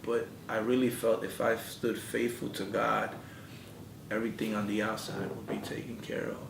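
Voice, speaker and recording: A man speaks as an interview guest in a low, flat, gravelly voice, earnestly recounting his story and acting out the conversations in it. He sits back from the mic in a roomy, echoing space. A steady rumble hums underneath. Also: normal speed. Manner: earnest storyteller who acts out quoted dialogue. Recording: echoey room, mic at a distance, background rumble.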